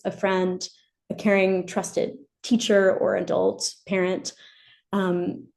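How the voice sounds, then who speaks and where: A woman educational therapist presenting a webinar, explaining gently and modeling example phrases. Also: mid-range voice.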